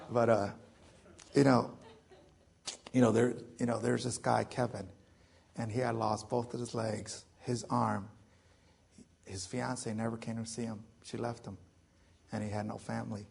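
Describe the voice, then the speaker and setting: A man's voice: mid-range voice, level tone, unhurried, vocal fry, long pauses, darkish tone, husky. A man in his forties telling his own survival story to an audience in a loose, joking way, full of fillers. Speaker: veteran speaker.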